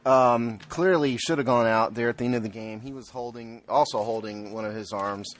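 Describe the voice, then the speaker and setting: A man's voice: medium pitch, normal speed. Blunt, joking man on a podcast. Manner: blunt and joking, laughs at his own jabs. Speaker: podcast co-host. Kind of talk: casual sports podcast chat.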